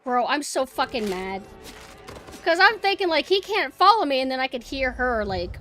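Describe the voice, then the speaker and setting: A woman's voice: sits high, sing-song, normal speed, a bit bright. A young woman streaming a horror game, cursing and yelping with frustration as she plays. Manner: swearing, frustrated outbursts and yelps. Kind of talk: gaming stream commentary. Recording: game music playing underneath. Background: game music.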